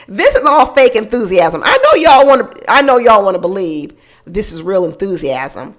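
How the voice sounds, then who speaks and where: A woman hosting casual reality-show commentary, animated, acting out quotes and laughing often. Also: mid-range voice, measured pace. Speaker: commentary channel host.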